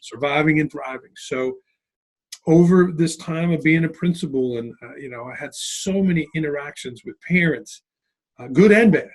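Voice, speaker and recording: A middle-aged man with a somewhat husky, slightly higher voice tells stories in an animated way during a conversational interview. He keeps the flow going with asides like "right?" and "like" as he talks about his experiences as a school principal. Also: normal speed. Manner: animated, tags lines with "right?" and "like".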